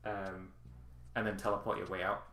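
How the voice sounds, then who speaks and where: A man with a fairly low voice runs a tabletop game as game master, rambling along with plenty of ums and restarts. His voice rings in an echoey room. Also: little pitch movement, moderate pace, bright, forceful tone.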